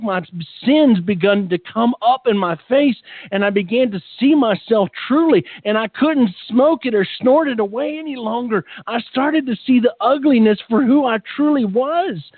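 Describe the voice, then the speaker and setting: A man telling his conversion story as a testimony, fervent and halting, often repeating words. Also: very high voice, no room sound. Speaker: testimony speaker. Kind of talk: emotional personal testimony. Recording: tinny phone-like line, dry.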